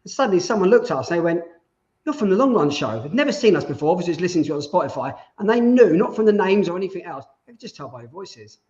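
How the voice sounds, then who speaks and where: A man's voice: high-pitched, expressive, very fast, hardly any pauses, darkish tone, dull audio. A man co-hosting a casual podcast chat, telling stories with enthusiasm. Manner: enthusiastic storyteller. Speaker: podcast co-host.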